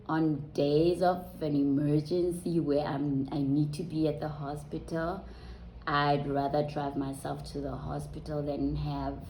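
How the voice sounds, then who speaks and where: A woman, telling a personal story to her viewers in a conversational, unhurried way with soft ums. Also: sits low, slight background noise. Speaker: vlogger. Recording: roomy echo.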